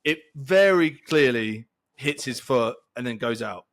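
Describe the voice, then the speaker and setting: A man co-hosting a football podcast, telling a long story in a rambling, animated way. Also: medium pitch, measured pace. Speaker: podcast co-host. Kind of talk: casual storytelling chat.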